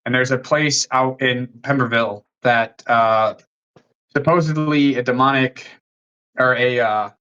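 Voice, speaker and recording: A man's voice: medium pitch, fairly even intonation, measured pace, fairly bright tone, smooth, dull audio. A young man from the American Midwest telling a long story on a podcast, rambling and swearing freely with many "likes". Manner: profane and rambling, heavy use of "like". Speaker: podcast guest, fitness coach. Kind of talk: casual storytelling in a podcast interview.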